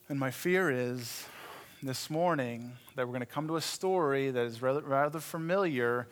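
A middle-aged man preaching a sermon, telling stories in an animated, wry way and acting out the voices in them. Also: moderate pace. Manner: animated storytelling, acts out quoted voices with rising pitch; wry, self-deprecating humor. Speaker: pastor.

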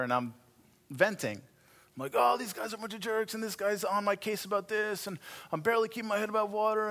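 A middle-aged man preaching a sermon, telling stories in an animated, wry way and acting out the voices in them. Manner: animated storytelling, acts out quoted voices with rising pitch; wry, self-deprecating humor. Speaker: pastor.

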